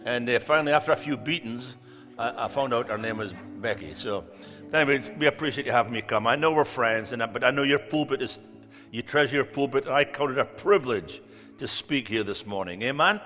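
A man in his fifties, a guest preacher giving a sermon in a church, joking and telling stories with big swings in loudness. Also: mid-range voice, expressive, a little fast, soft background music. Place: church sanctuary. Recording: long reverb of a church hall.

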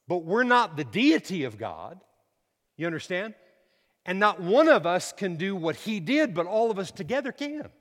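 A middle-aged man preaches an emphatic sermon in a high-pitched voice, swinging from quiet to loud and repeating words, with a long reverb tail on the sound.

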